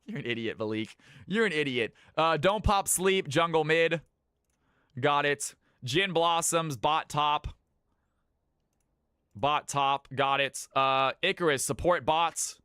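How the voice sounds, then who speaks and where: Guy streamer from california, bright voice, brisk, swears a lot, dry mic. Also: a little high, smooth, dry recording. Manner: brisk, swears, talks to chat. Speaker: streamer running viewer games. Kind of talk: casual live-stream chat.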